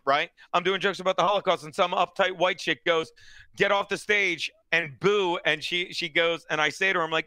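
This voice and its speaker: A man who is a stand-up comedian, a guest on a podcast, telling animated and heavily profane stories in casual chat. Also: high-pitched, dry recording.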